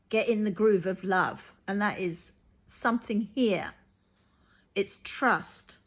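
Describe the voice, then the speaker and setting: Blunt, matter-of-fact woman healer. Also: mid-range voice. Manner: blunt, matter-of-fact, acts out quoted voices. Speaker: reiki healer. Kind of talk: casual spoken monologue.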